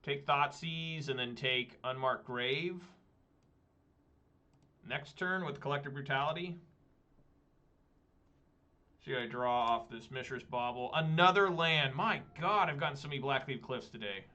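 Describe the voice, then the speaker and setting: Bright-voiced man muttering gameplay commentary. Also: medium pitch, normal speed, dull audio. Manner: swears often, talks to himself while playing. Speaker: gameplay streamer.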